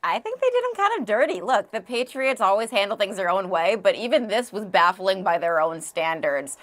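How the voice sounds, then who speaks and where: A woman's voice: mid-range voice, big pitch swings, a bit bright. A woman on a sports debate panel, firing off pointed questions. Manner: pointed, rapid-fire questions.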